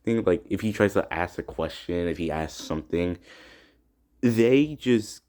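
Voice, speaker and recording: A man's voice: sits low, animated, measured pace, darkish tone. A teenage boy ranting in a personal vlog, agitated, often restarting his words and swearing. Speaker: student vlogger. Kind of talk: upset personal vlog rant.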